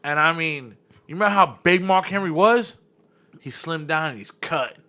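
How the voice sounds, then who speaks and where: A man in his thirties with a New York-area accent, hosting a podcast and telling stories in lively, slangy casual chat. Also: on the high side, normal speed. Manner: animated storytelling, slangy, repeats words. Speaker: podcast host.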